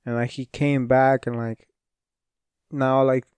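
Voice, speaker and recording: A man's voice: mid-range voice, level tone, slow pace, darkish tone, smooth, no room sound. A man hosting a casual solo podcast, rambling with lots of fillers, restarts and swearing, a little sniffly. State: sniffly and yawning. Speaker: podcast host.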